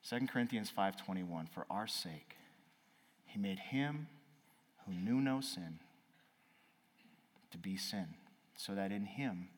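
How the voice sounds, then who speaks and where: A man preaching a sermon, swinging from loud exclaiming to quiet, earnest speech. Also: on the low side. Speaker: pastor. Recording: reverberant hall.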